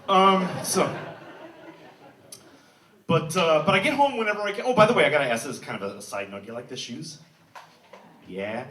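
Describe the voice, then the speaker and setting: Brief: American male stand-up, bright animated delivery, wry self-mockery, echoey live room, mic a little distant. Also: on the high side. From United States. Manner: wry, self-mocking, chatty with the crowd. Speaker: stand-up comedian. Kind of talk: stand-up comedy set. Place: live comedy venue with audience.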